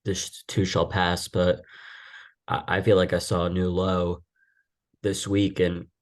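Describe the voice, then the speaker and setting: A man on a podcast speaking in a halting, emotional way, with frequent restarts. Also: low-pitched, little pitch movement. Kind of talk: conversational podcast talk.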